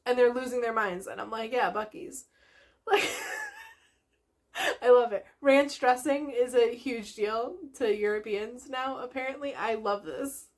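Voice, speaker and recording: A woman's voice: on the high side, a little slow. A woman hosting a knitting video podcast, chatting casually to camera in a bubbly, gushing way and laughing often.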